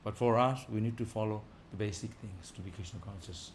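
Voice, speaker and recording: Animated man giving an informal talk. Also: lowish voice, a little fast, background noise. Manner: animated, rising loud for emphasis, chuckling. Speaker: visiting speaker.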